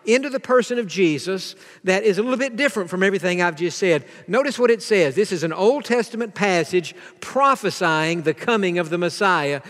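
A man's voice: high voice, animated, brisk, hardly any pauses, fairly bright tone, in a large hall. A pastor preaching a sermon to his congregation in an earnest way, now and then asking them to repeat a line with him.

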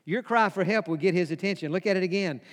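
A man's voice: high-pitched, fast, long reverb tail. A man preaching a sermon, emphatic and repeating his key phrases for weight. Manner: emphatic, repeats key phrases, drops to a hush for quoted whispers.

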